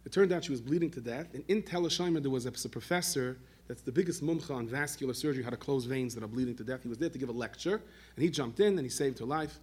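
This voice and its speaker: A man giving a sermon, telling stories in an animated way and mixing in Yiddish and Hebrew words. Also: medium pitch, fast, slightly rough. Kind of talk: sermon storytelling.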